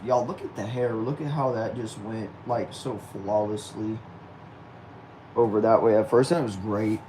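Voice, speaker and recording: A young man with a lowish voice chats loosely through a livestream, reading viewer comments aloud and answering each one. A steady hum sits behind him the whole time. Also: unhurried, rough recording. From Texas. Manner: reads comments aloud and answers them casually. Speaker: livestream host.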